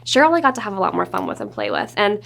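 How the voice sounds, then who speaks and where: Fast-talking young woman telling animated stories. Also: medium pitch, vocal fry. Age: 20s. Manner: animated storytelling with acted-out quotes. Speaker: actress guest. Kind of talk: casual interview chat. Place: studio.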